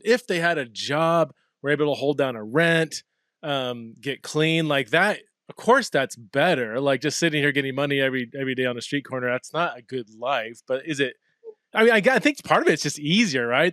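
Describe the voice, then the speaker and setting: A man's voice: a little high, fairly bright tone, no room sound, clean studio sound. A man hosting a podcast, asking questions in a thoughtful, candid way. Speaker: podcast host. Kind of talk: casual interview questions.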